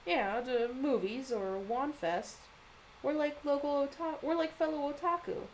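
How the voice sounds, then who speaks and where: A woman reading a shy, gentle young man's lines from a manga, speaking softly and haltingly. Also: high voice, a little hiss or hum, rough recording. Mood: hesitant. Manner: hesitant, halting, soft-spoken.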